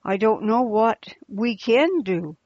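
A woman voicing a gentle, devout male preacher who speaks earnestly, in a slightly muffled recording. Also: on the high side, animated, takes it slowly, no echo. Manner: pleading, earnest.

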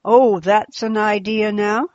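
A woman's voice: a little high, a little slow, no echo, lightly acted. A woman voicing a gang of male rebel robbers who snarl and mock threats, in a slightly muffled recording.

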